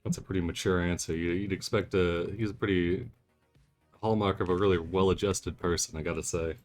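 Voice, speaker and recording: A man playing in a tabletop game, explaining his character's thinking in a measured way. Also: low voice, fairly even intonation, soft background music. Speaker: player. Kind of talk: casual chat in character talk.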